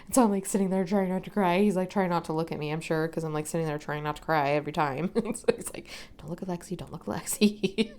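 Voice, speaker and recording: Soft-spoken woman chatting while painting. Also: low-pitched, fairly even intonation, quick pace, hardly any pauses. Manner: chatty, soft-spoken, often drops to a whisper while working. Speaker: watercolor crafting vlogger. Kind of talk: casual chat while painting.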